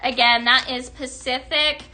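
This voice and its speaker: A woman hosting a live shopping stream, gushing in an upbeat sales pitch to viewers she calls her friends. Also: steady tone, unhurried, sharp tone, a little hiss or hum.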